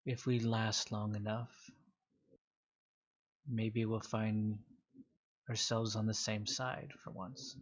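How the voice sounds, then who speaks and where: A man doing a quiet, honor-bound warrior. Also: medium pitch, little pitch movement, slow, long pauses, slightly rough, muffled recording. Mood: solemn. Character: honor-bound male enemy warrior, part cyber jackal.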